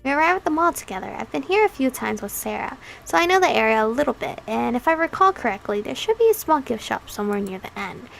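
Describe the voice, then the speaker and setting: A woman's voice: a little high, very animated, fast, creaky, few pauses, fairly bright tone, soft background music. A woman reading a visual novel aloud as its heroine, breaking off for playful, chatty asides. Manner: playful, chatty asides between read lines. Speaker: game channel host.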